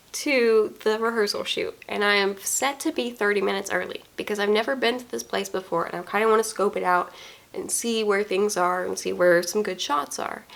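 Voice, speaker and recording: A woman's voice: medium pitch, vocal fry, fairly bright tone. A young woman vlogger and wedding photographer telling a chaotic story in a casual storytime, acting out quoted dialogue with frequent laughter.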